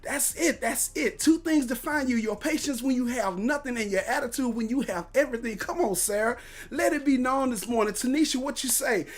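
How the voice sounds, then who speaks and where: A man's voice: very high voice, brisk. Man hosting a casual morning livestream, hyped and encouraging, reading viewer comments aloud. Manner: hyped, upbeat encouraging talk; loose and repetitive, with restarts and catchphrases. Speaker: livestream host.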